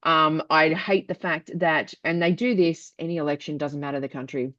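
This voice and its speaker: An outspoken Australian woman from New South Wales co-hosts a chatty podcast, swearing freely and talking bluntly. Her voice sits fairly low. The sound is dry and a little dull, like a lo-fi home recording. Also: fairly even intonation, normal speed, a bit bright, no echo. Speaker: podcast co-host. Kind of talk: casual chat.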